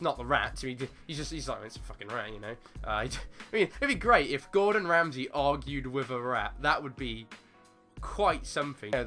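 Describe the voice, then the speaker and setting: A man gives loose, joking commentary over his game and swears freely along the way. His voice is bright and forceful and sits at an ordinary middle pitch. Faint music plays behind him. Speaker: gaming channel host. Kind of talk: casual let's-play commentary.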